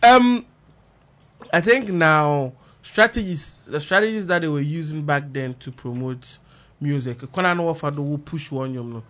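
A man with a Ghanaian accent speaking as a studio guest on a radio panel, giving his view in a measured, reflective way. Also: a little high, a bit bright.

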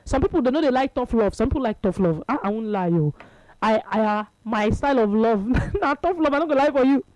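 A woman's voice: on the high side, animated, fairly quick, darkish tone, no room sound, rough recording. A woman with a Nigerian accent hosting a casual radio sports show, chatty and laughing, slipping into Pidgin with many fillers.

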